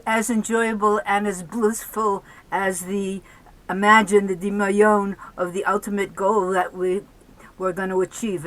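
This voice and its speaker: Older woman, guest teacher on a video call, gentle and explanatory. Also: medium pitch, poor audio. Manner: gentle, explains slowly with restarts. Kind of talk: teaching in a virtual group call.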